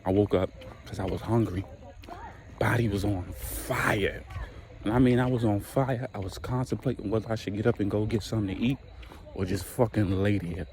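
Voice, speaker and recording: A man's voice: on the low side, normal speed, a little mellow, a little hiss or hum. A young man tells a casual, profane storytime monologue and acts out his own reactions. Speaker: storyteller vlogger.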